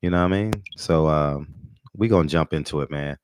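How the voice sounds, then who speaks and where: A man's voice: a bass voice, fairly quick, slight background noise. A man hosting a casual boxing talk stream, brash and boastful, swearing freely and restarting his sentences often. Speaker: host of a boxing talk channel.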